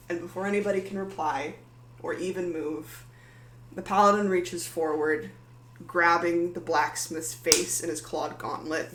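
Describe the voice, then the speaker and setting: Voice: mid-range voice, a bit bright, reverberant, slight background noise, low-quality recording. A game master narrating a tabletop game in a loose, rambling way full of fillers.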